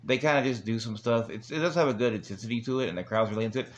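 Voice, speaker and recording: A man's voice: mid-range voice, rapid-fire, dull audio, a little hiss or hum. Rambling man recapping with chuckles. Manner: rambling, chuckling, crude asides. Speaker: wrestling show reviewer. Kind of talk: casual recap monologue.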